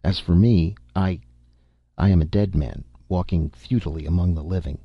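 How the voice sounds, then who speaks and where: A man's voice: sits low, moderate pace, gravelly, breathy edge, no room sound, highs cut off, full character voice. A man reading the part of a gloomy, brooding middle-aged father who speaks impatiently and bitterly.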